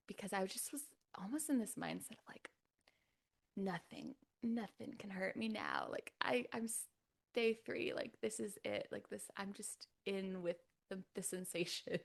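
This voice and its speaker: A woman from California telling a personal story as a podcast guest, with a gravelly vocal fry. She talks in a chatty, relaxed way, full of "like" and light laughs. Her voice often sinks to a soft near-whisper, while her pitch stays mid-range for a woman. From California, USA. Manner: chatty, frequent "like" fillers and laughs. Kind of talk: casual birth story.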